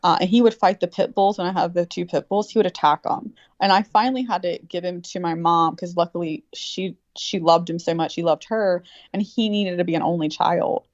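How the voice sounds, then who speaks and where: A woman's voice: fairly low pitch, brisk, few pauses, no echo, highs cut off. A woman calling in to a casual chat, talking bluntly and telling stories in a chatty way. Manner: blunt, chatty, tells stories with imitated voices. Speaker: caller.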